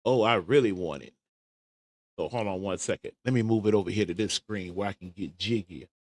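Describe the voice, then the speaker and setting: A man's voice: on the low side, fairly quick, darkish tone, dry recording, studio quality. A man hosting a casual livestream commentary show, chattily talking himself through searching for a clip. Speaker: show host.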